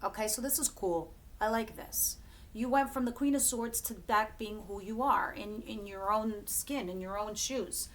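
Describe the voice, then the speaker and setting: A woman's voice: medium pitch, moderate pace. A woman giving a casual tarot reading to camera, chatty and emphatic, swearing freely and often laughing. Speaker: tarot reader.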